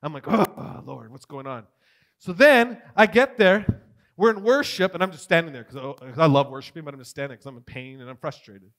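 A man giving a testimony sermon, telling his story with big swings between loud and hushed. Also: on the high side, quick pace. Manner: animated storytelling, swings from shouting to near whisper. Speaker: preacher.

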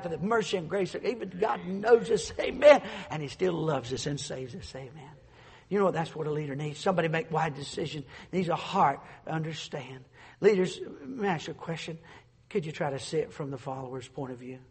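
A man preaching a fervent sermon. He swings from loud declarations to soft asides and stumbles through restarts. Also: a little high, animated, a little fast, husky. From North Carolina, USA. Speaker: pastor. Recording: long reverb of a large church hall.

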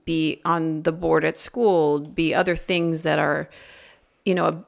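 A woman in her forties telling a personal story in casual podcast chat, rambling and animated, laughing often. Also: low-pitched, creaky. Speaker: podcast regular.

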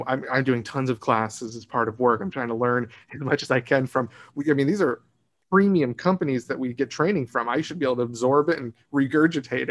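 A man in his late thirties talking reflectively in a casual conversation, rambling with frequent restarts. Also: medium pitch. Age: 30s.

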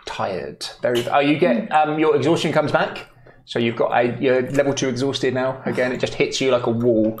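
A man narrating as game master in a relaxed, animated way, recorded in an echoey room. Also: medium pitch, moderate pace. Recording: echoey room, faint noise.

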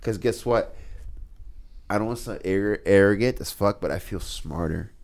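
A man's voice: on the low side, normal speed, vocal fry. A man telling a personal story in casual chat, intense and emphatic, swearing often. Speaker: podcast guest.

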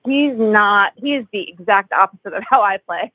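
Guitarist guest, higher voice, husky, giggly self-mocking storyteller over a dry phone line. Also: male voice, moderate pace, no echo. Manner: laughing, self-deprecating storyteller. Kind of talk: casual interview anecdote.

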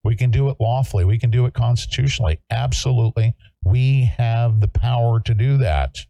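A man's voice: lowish voice, dark tone, no room sound. A man hosting a political talk show, speaking emphatically and repeating himself to rally his listeners.

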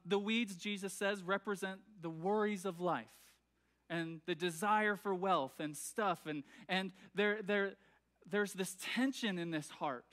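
In a church sanctuary, a pastor with a high-pitched, fairly bright voice preaches a sermon. He talks conversationally, with many fillers and restarts, and often checks that the congregation is following.

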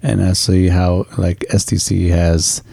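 Brief: low, gravelly male co-host, dark tone, dry close sound, loose and profane, quick to laugh. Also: level tone, dry recording. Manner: laughs often, swears freely, rambling. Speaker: podcast co-host. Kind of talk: casual chat.

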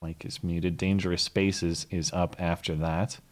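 A young man co-hosts a live call-in show, his voice sitting a little low. He talks in a relaxed, casual way, thanking callers and bringing on the next one. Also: a little slow. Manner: easygoing, thanks and cues callers. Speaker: co-host taking callers.

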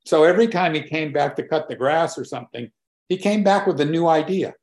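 A man in his seventies giving a reflective talk with personal stories, unhurried and thoughtful, often pausing to search for words. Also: fairly high pitch. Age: 70s. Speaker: speaker on conversation and collaboration.

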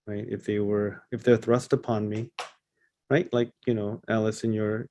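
A man leading a casual Bible study discussion, talking in a halting way with many fillers and restarts. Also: on the low side, little pitch movement, dark tone, lo-fi sound, slight background noise.

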